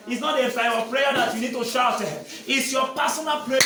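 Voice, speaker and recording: A man preaching a sermon as pastor, calling out questions for the congregation to answer and swinging between loud shouting and quiet talk. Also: very high voice, normal speed, hardly any pauses, background noise. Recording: echoey hall from far off.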